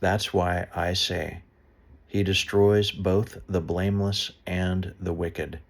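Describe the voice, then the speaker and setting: A man reading a Bible passage aloud slowly and deliberately, stopping now and then to explain the footnotes. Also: low-pitched, level tone, vocal fry. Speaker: Bible reader. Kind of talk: unscripted Bible reading with asides.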